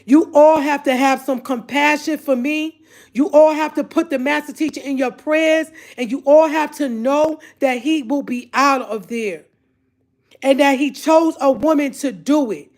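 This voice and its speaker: A woman's voice: high-pitched, a little slow, darkish tone. A woman vlogger talking straight to her viewers in an emotional, exasperated rant, repeating herself and calling them y'all. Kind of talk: emotional direct-to-camera rant.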